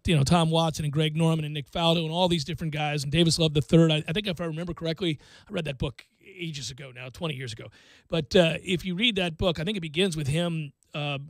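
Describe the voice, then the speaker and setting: A man hosting a sports talk radio show, chatting casually and telling stories with animated jumps in his voice. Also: on the high side, fast, gravelly, no echo. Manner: animated storyteller, voice jumps up when excited.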